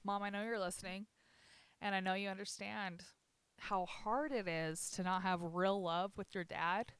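A young woman talks in a loose, rambling way, laughing often as she goes. Her voice is bright and ringing, and smooth and clear all through. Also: lowish voice, dry recording. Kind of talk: casual chat.

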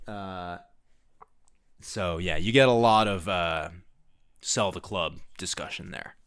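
A man hosting a podcast in a relaxed, rambling chat, quizzing his co-host. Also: low-pitched, slow, smooth, no room sound.

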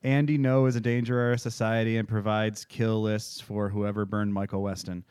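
A man's voice: lowish voice, flat delivery, fairly quick, a little mellow, a little hiss or hum. A man co-hosting a podcast in casual chat, joking and loose, a little tipsy. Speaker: podcast co-host.

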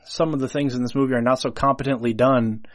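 A man's voice: mid-range voice, steady tone, fast, dry recording. A man co-hosting a podcast, talking through a film script in a chatty, analytical way with hesitant fillers. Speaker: podcast co-host. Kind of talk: casual discussion of a film script.

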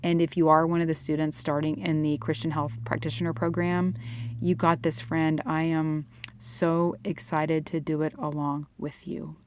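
A woman's voice: low voice, little pitch movement, normal speed, a little mellow. A woman hosting a faith-based fitness podcast as a nutritionist, talking in an earnest, encouraging, chatty way.

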